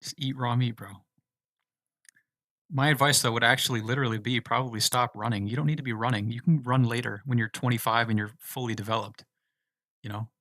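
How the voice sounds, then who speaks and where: A man's voice: medium pitch, steady tone, a little fast, fairly bright tone, no echo, studio quality. A man from the United States hosting a casual livestream, reading viewer questions aloud and answering them in a loose, laid-back way. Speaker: livestream host answering chat.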